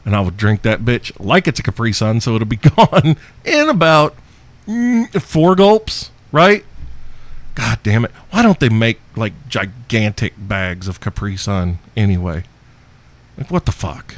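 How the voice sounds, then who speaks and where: A man hosting his own podcast, reading listener questions in a brash, profane, boastful way, with loud outbursts and laughs. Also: lowish voice, sing-song, unhurried, no room sound. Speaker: podcast host.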